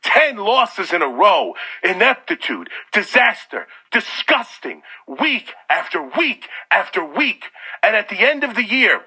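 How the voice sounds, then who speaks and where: A man hosting sports talk radio, ranting in a loud, sarcastic, exasperated way. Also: high-pitched, sing-song, measured pace, breathy edge. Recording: radio broadcast.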